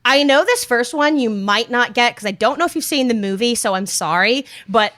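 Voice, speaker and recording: A woman's voice: fairly high pitch, animated, moderate pace, fairly bright tone. A woman co-hosting a casual podcast, running a movie quiz with lots of giggles and long rule explanations. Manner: giggly, explains rules at length. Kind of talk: casual chat.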